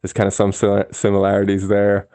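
A man's voice: lowish voice, completely flat delivery, brisk, warm tone, no room sound. A man from Chicago, a caller leaving an easygoing, rambling recorded message.

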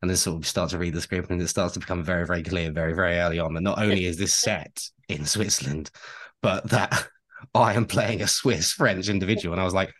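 A young man with a very low, deep voice, co-hosting a podcast. He talks in a chatty, rambling way full of self-deprecating asides. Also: steady tone, fairly quick, fairly bright tone. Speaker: podcast co-host and actor. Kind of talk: casual chat.

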